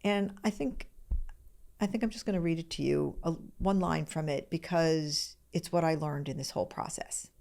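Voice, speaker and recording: Candid woman in her sixties, low-pitched. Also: normal speed, gravelly, a little mellow. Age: 60s. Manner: candid, emotional, self-searching. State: close to tears. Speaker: podcast host. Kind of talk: personal solo podcast reflection.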